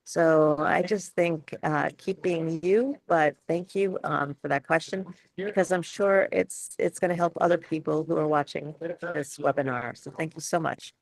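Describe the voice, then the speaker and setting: Over a video call, a female speech coach hosts a live webinar Q&A, stumbling through phrases with many fillers and restarts. Her voice is low and gravelly, captured in a dry recording.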